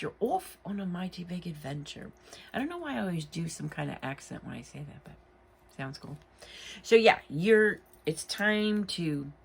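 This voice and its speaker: A woman's voice: low-pitched, a little hiss or hum. A tired woman giving a casual, rambling tarot reading late at night, full of "you know" asides. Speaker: tarot reader.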